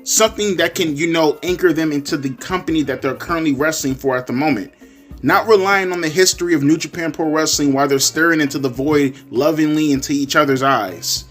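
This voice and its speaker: A man's voice: on the high side, brisk, fairly bright tone, soft background music. A man giving crude, sarcastic, profanity-laced commentary as he reviews a wrestling show. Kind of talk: ranting commentary.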